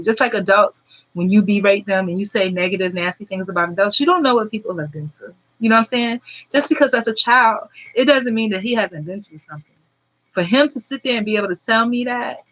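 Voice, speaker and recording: A woman's voice: medium pitch, a bit bright, low-quality recording. A woman in her forties telling a story straight to her viewers, rambling and earnest, full of fillers. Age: 40s. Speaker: vlogger.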